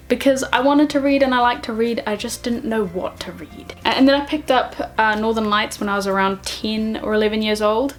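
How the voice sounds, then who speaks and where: A woman's voice: a little high, a little fast. Bubbly New woman vlogging. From New Zealand. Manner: bubbly, excitable, self-deprecating, giggly. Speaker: book vlogger. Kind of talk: casual vlog chat.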